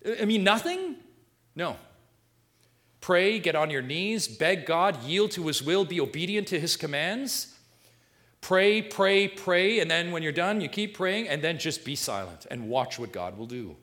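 A man with a somewhat high-pitched voice preaches a sermon to his congregation. He reads scripture aloud and moves between quiet, intimate asides and emphatic, repeated declarations, pressing each point home. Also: lively intonation, measured pace. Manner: preaching with wide swings from hushed to emphatic. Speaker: pastor.

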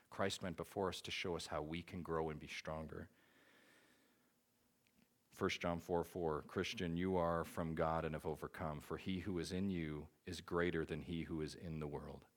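A man preaching a sermon and closing in prayer, impassioned and repeating phrases for emphasis. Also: sits low. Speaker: pastor.

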